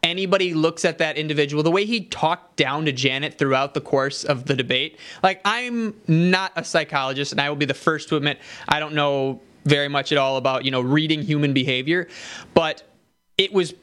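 A male co-host talks politics with sarcasm and energy, and his voice is fairly high for a man. He laughs at his own jabs and quickly gets to scoffing at the people he discusses. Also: a bit bright, clean tone. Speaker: podcast co-host. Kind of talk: casual political talk.

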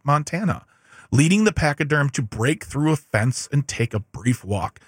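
A man with a fairly high voice reads headlines to his co-host, stopping often for wry asides and tripping over hard names. The sound is dry and close, with little room around it. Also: a bit bright, no room sound. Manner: joking, reads with asides and stumbles. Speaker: podcast co-host. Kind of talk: casual chat, reading headlines aloud.

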